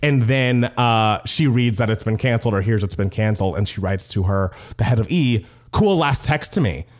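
A man's voice: fairly low pitch, brisk. A young man co-hosting a podcast, talking in a casual, gossipy way and leaning on "like" a lot. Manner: animated, gossipy, heavy use of "like". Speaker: podcast co-host, actor. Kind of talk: casual chat.

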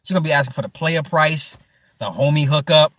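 A man hosting a livestream who chats casually with his viewers, animated and profane, laughing often and answering them by name. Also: a little high, a little fast, no echo, clean studio sound. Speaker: livestream host. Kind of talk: casual stream chat.

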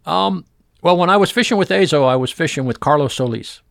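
A man who works as a fishing guide, telling old stories in a relaxed interview and acting out the voices of people in them. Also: a little high, brisk, gravelly, dry recording, studio quality. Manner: animated storyteller acting out voices in quotes. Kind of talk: storytelling interview chat.

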